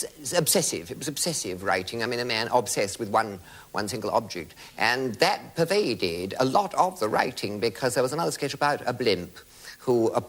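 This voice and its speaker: A man's voice: fairly low pitch, bright, forceful tone. A man telling comic anecdotes to a live audience on a television studio stage, camp and theatrical with mock outrage. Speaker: comic raconteur.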